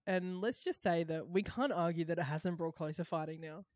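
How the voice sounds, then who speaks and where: Keeping the conversation relaxed and upbeat, this woman co-hosts a podcast in an eager, talkative style full of rapid side comments. She speaks in a fairly deep register for a female voice, captured in a dry, up-close recording.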